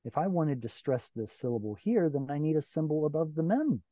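A man's voice: fairly high pitch, big pitch swings, brisk, dark tone. Man teaching Hebrew over a video call. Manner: patient, explains step by step with questions. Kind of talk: online Bible Hebrew class.

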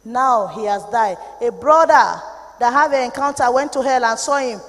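A Nigerian woman preaches with fierce passion, her voice sitting high as she drops into grave warnings and then rises into shouted rebukes. The sound rings with a long echo, as if she is in a large church hall. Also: moderate pace. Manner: impassioned, swings between low warnings and shouted rebukes. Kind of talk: sermon.

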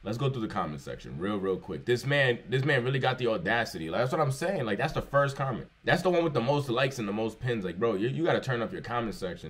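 Animated young man reacting casually. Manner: animated, joking, swings into loud high bursts. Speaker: reaction video host.

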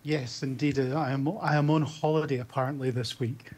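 A man's voice: mid-range voice, fairly even intonation, a little fast, a little mellow. A Scottish man in his fifties, an emergency doctor telling candid stories in a conference keynote over a video call. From Scotland. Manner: candid, anecdotal, with small restarts. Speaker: emergency medicine doctor giving a conference talk. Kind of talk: storytelling keynote talk.

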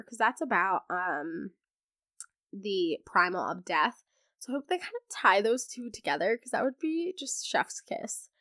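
A young woman hosting a podcast, chatting excitedly about books in a casual, gushing way, her voice hoarse from laryngitis. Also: on the high side, dry recording, clean studio sound. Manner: gushing, animated, acts out characters in quotes. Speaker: podcast host. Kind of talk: casual book chat.

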